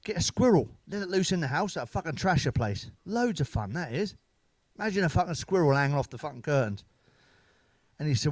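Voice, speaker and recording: Brief: middle-aged bloke, sweary stand-up storyteller, slightly high voice, dry close sound. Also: male voice, very animated, brisk, no room sound. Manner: sweary, blunt, laughing at his own jokes. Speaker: stand-up comedian.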